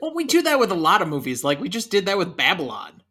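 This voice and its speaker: A man's voice: high-pitched, wildly swooping pitch, fast talker, pushed and bright, slightly rough. A man in his thirties co-hosting a casual movie podcast, chatty and leading the talk with trivia. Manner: chatty, leads the discussion with trivia. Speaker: podcast co-host.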